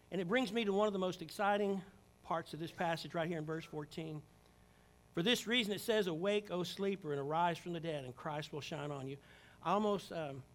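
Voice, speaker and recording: A man preaching a sermon in a church, rising to loud emphatic calls and dropping to quiet, hushed prayer. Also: sits high. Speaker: pastor. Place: church sanctuary.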